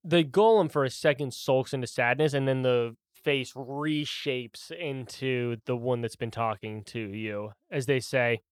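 A man's voice: mid-range voice, unhurried, hardly any pauses, clean tone, no room sound, clean studio sound. A young man narrating as game master of a tabletop game, loose and laughing with lots of fillers.

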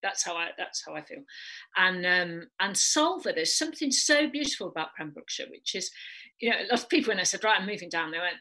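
A North Welsh woman chatting in a loose, rambling way, full of asides. Her voice sits a little low but rings bright and forward, with a husky edge. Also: very animated, fairly quick, rough recording. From North Wales. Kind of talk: casual chat.

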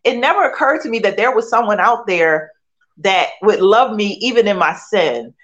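A woman's voice: medium pitch, animated, moderate pace, highs cut off. A middle-aged woman from Philadelphia sharing her faith testimony as a guest, emotional and repetitive, firing off rhetorical questions. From Philadelphia, USA. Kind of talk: candid personal testimony.

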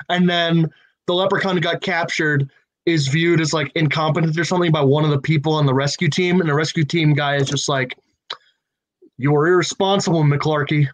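A man thinking out loud in a relaxed writers' brainstorm, building plot ideas one step at a time. His voice sits a touch high for a man. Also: rough recording. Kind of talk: casual creative brainstorming.

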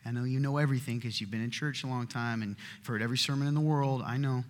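A man preaching a sermon, passionate, swinging between emphatic and hushed delivery. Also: medium pitch, steady tone, fast. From Southern United States. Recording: reverberant hall.

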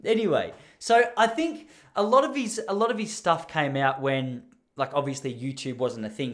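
Rambling Australian man telling a story. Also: mid-range voice. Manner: rambling, animated, self-interrupting with restarts. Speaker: podcast host. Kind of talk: casual storytelling monologue.

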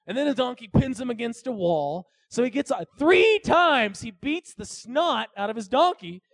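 A man's voice: very high voice, animated, moderate pace, gravelly, fairly bright tone, no echo, clean studio sound. A man preaching a sermon in a casual, joking storytelling manner, speaking asides to his congregation. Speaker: pastor.

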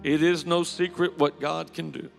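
A man's voice: fairly high pitch, flat delivery, normal speed, creaky, long reverb tail, soft background music. A man preaching a sermon, telling stories with emotion and building to fervent praise. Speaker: pastor. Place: church sanctuary.

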